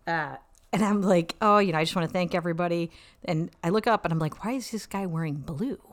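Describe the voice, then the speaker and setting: A middle-aged woman co-hosts a podcast in a studio, with a fairly low voice. She tells her stories in casual chat and brings them to life by acting out other people's lines. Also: quick pace. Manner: lively storyteller who acts out other people's lines. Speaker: podcast co-host.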